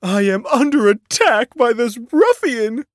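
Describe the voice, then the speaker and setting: A woman's voice: on the high side, sing-song, a little slow, dry recording, studio quality. A woman playing a haughty lying lord. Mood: indignant. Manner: haughty, indignant. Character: lying cowardly male noble lord.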